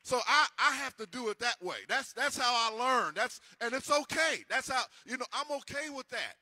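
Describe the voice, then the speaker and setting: A man's voice: extremely high pitch, expressive, moderate pace, pushed and bright, no echo. A man preaching a sermon as pastor, swinging into sing-song emphasis and repeating himself as he builds. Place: church.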